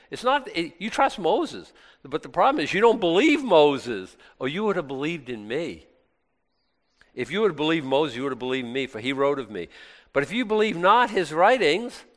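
Brief: conversational male preacher, lively pitch, mid-range voice, reverberant hall. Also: gravelly. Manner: animated, conversational, with exclamations and restarts. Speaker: pastor. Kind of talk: sermon.

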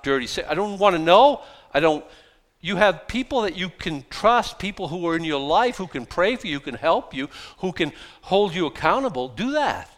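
Animated, blunt male pastor preaching. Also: sits high. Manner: emphatic, mimics excuses in put-on voices, blunt. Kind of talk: sermon.

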